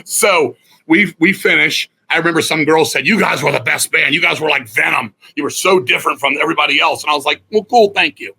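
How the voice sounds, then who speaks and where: A man's voice: on the high side, brisk, creaky, sharp tone, breathy edge, low-quality recording. A middle-aged man from Virginia, a guest musician telling a story in a casual interview, swearing freely and acting out what other people said. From Virginia, USA.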